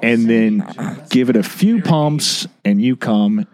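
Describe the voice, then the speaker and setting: A man's voice: medium pitch, animated, slow pace, darkish tone. A man appearing as a guest on a comedy podcast, telling a crude story in a swooping voice. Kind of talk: casual comedy podcast banter.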